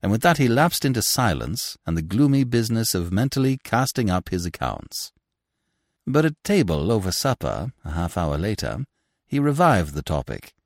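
Male audiobook narrator, deep voice, very animated pitch, dry close recording. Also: moderate pace, no echo.

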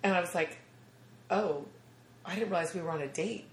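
Woman, 30s, comic guest, lively storyteller, slightly low voice, echoey room. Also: normal speed. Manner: animated, acts out quoted voices, laughs often. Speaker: comedian guest. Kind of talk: casual storytelling chat.

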